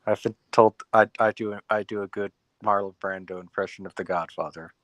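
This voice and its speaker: A man's voice: fairly low pitch, steady tone, no echo, poor audio. Guy on a stream joking around, stumbles over his words a lot, dry close sound. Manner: teasing, halting, repeats words. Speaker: live stream host. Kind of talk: casual chat on a live stream.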